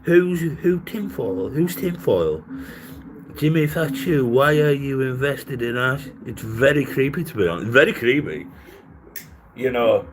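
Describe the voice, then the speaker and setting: A man's voice: mid-range voice, animated, unhurried, a little hiss or hum, rough recording. A man ranting on a casual livestream, rambling, mocking and swearing, often breaking into laughter.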